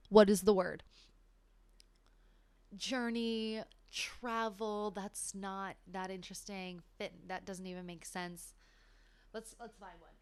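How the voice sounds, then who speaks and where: A woman's voice: medium pitch, no room sound. A young woman chatting alone on a livestream, rambling and swearing freely and sometimes dropping into a whisper. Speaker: livestream host reading a book aloud. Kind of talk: casual solo livestream chat. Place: alone at home.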